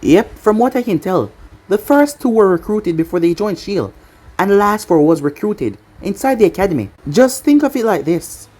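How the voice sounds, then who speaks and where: A woman's voice: medium pitch, very animated, moderate pace, darkish tone, breathy edge, soft background music. Woman reading as a cocky young male ninja. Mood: matter-of-fact.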